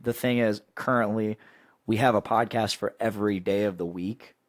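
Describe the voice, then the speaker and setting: A young man hosting a podcast in casual chat, pitching with excitable hype and laughing often. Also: normal speed, no echo. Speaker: podcast host.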